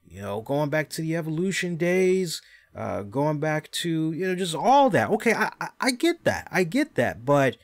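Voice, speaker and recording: Profane, animated male wrestling podcaster. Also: fairly high pitch, moderate pace. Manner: profane, animated rant with mocking impressions. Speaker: podcast host. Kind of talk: casual wrestling commentary.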